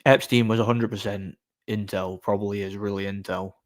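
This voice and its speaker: A man's voice: fairly low pitch, fairly even intonation, fairly quick. Blunt man streaming. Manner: blunt, opinionated, rambling with restarts. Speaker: live streamer. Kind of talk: casual live-stream chat, answering chat.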